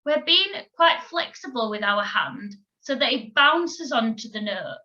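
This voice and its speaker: A woman teaching a recorded children's music lesson, giving clear, encouraging instructions and counting beats aloud. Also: on the high side, lively intonation, measured pace, sharp tone, muffled recording. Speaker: primary school music teacher.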